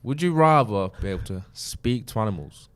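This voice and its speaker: Low-voiced rambling podcaster. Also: male voice, lively intonation, normal speed, clean tone. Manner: rambling, tails off quietly at line ends. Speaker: podcast co-host. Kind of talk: casual chat.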